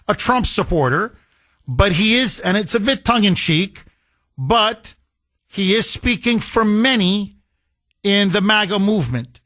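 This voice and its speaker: A man's voice: sits high, pushed and bright, no room sound. Emphatic talk-radio host man, dry sound. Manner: emphatic, confessional, repeats phrases for effect. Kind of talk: political talk radio monologue.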